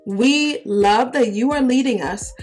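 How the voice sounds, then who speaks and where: Fed-up male elders lay out their demands bluntly in slang, voiced by a woman in a fairly high voice close to her own. It is an everyday storybook retelling with plain, blunt delivery. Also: measured pace, darkish tone, soft background music, low-quality recording.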